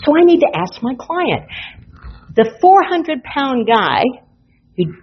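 A woman instructor teaching a hypnotherapy class, telling client stories in an animated, playful way. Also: sits high, slow pace, husky. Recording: dull lo-fi recording.

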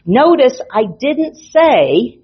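An animated woman teaches a class, her slightly high, husky voice swooping up and down as she tells stories. The sound is dull and lo-fi, as if from a modest recording. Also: extremely slow. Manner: animated, playful storytelling. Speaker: hypnotherapy instructor.

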